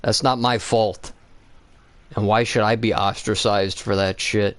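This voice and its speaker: A man co-hosting a casual gaming chat, telling stories in a profane, animated way. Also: on the low side, unhurried, dry recording. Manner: profane, animated storytelling with voiced quotes. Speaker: co-host gaming with his brother.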